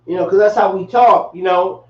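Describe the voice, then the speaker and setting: Male teacher, high voice, casual and slangy, recorded from across a dull room. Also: moderate pace. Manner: relaxed, slangy, repeats himself. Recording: echoey, distant, dull room sound.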